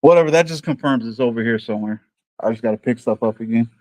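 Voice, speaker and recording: A man with a New York accent chatting with viewers on a livestream in an easygoing way, drifting from one thought to the next. His pitch sits in a middle range. The room sounds dry and close, with no echo. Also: fast, dark tone. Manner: rambling, easygoing, thinks aloud. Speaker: livestream host. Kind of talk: casual livestream chat with viewers.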